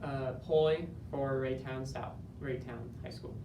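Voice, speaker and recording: A man giving an earnest, measured dramatic interpretation performance that builds to moments of intense emphasis. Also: fairly even intonation. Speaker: speech competitor. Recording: roomy, distant, faint rumble.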